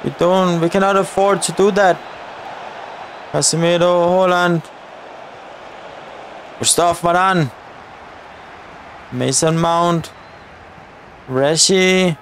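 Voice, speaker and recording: Excitable man shouting over a football game. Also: high-pitched, slow pace, long pauses, a little hiss or hum. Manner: exclaims "oi" at chances, shouts at players. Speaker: gaming YouTuber. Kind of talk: excited live game commentary.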